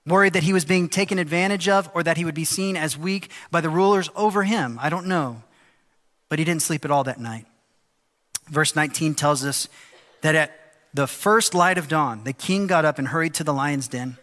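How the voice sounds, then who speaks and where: A male pastor preaching a sermon, animated and lively, often acting out the voices of people in the story. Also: fairly high pitch, moderate pace. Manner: animated, acts out quoted voices. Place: church sanctuary. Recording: long hall reverb.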